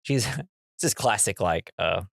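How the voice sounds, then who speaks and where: A man's voice: fairly low pitch, animated, a little slow, creaky, a bit bright, dry recording, clean studio sound. A man hosting a casual movie podcast, recapping scenes with jokes and laughter and dropping into silly voices. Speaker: podcast host.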